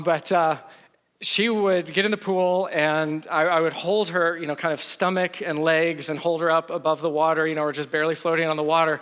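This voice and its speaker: A man preaching a sermon in a bright, forceful voice pitched a little high. He talks conversationally, jokes with his listeners, and acts out quotes as he teaches. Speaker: pastor.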